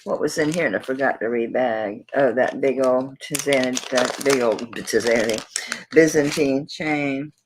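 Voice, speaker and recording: A woman's voice: extremely low pitch, measured pace, noisy background. A woman from Florida with a Southern US accent, hosting a live jewelry sale and chatting casually while she rambles and talks to herself as she searches her table. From Tampa, Florida, USA. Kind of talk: casual live-stream selling chat.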